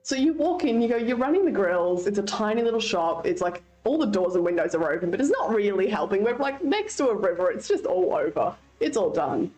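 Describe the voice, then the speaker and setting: Young Australian woman streamer, casual and lively, pitch swinging widely, light music underneath. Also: brisk, hardly any pauses. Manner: chatty, swears freely, laughs often. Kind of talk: casual chat with live chat.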